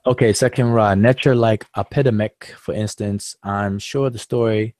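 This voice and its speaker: A low-pitched man hosts a live-stream discussion, walking listeners through ideas in a patient, explanatory way. He talks loosely, with fillers and restarts. His voice sits close and dry on the mic with no room sound. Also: fairly even intonation, moderate pace, darkish tone, no room sound. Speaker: host.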